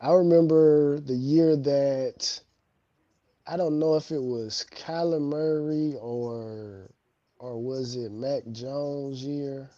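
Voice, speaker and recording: A man co-hosting a sports show, arguing in a measured, analytical way and pausing to recall names. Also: mid-range voice, mellow, no room sound, dull audio. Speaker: show co-host. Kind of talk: sports debate.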